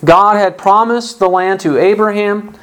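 A man's voice: high voice, a little slow, fairly bright tone, clear, resonant tone, rough recording. A man preaching a sermon, a parent, emphatic and stressing points by repeating phrases. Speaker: pastor.

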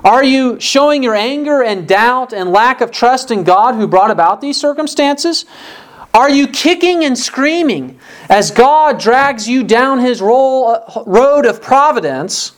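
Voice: high voice, expressive, a little slow. A preacher giving a sermon in an earnest manner, full of rhetorical questions to the listeners. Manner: acts out complaining voices in quotes.

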